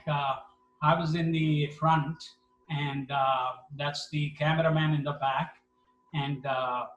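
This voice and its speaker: A man tells stories at a devotional gathering, switching into voices for each person he quotes. His voice is fairly high and bright. He sounds set back from the mic in an echoey room. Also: recorded from a distance. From India. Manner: animated, acts out quotes with voices. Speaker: satsang speaker. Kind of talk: storytelling talk.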